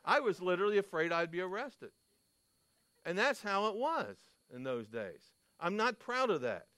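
A man's voice: high-pitched, sing-song, normal speed, fairly bright tone, dry recording. A man preaching a sermon, telling stories and asking his listeners questions with emphasis. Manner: emphatic, storytelling, asks the audience questions.

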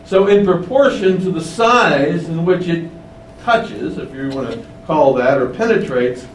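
Male preacher, slightly high voice, deliberate emphatic teaching, roomy echo, a step off the mic. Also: lively intonation, far from the mic, slight background noise. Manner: slow, emphatic teaching with rising stresses. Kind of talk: sermon.

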